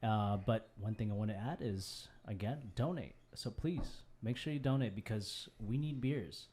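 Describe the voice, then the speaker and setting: A man co-hosting a casual podcast, joking around, laughing often and filling pauses with "uh" and "um". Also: lowish voice, darkish tone, a little hiss or hum. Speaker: podcast co-host.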